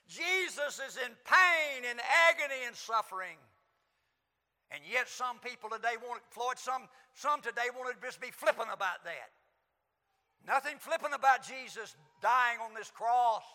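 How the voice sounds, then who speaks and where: A man preaching a sermon in an auditorium, impassioned, swinging from hushed lines to shouts. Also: very high-pitched. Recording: long hall reverb.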